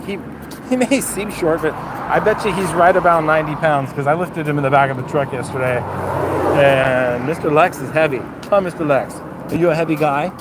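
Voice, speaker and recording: A man chatting casually on a livestream while walking his dogs outdoors, swearing freely and talking to the dogs between remarks. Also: mid-range voice. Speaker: dog breeder vlogger. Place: outdoors on a city street. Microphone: phone held while walking. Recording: outdoor street noise, traffic. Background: traffic and street noise.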